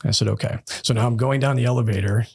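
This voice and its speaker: Husky-voiced man telling stories casually. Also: mid-range voice, fairly even intonation, fast talker, a little mellow. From Northeast Ohio. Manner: conversational, many fillers, acts out quoted people. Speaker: bank executive, podcast guest. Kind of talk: casual storytelling interview.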